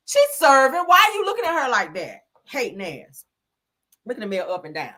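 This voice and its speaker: Sassy animated woman recapping. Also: mid-range voice, fairly quick. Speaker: host. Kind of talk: casual reality show recap.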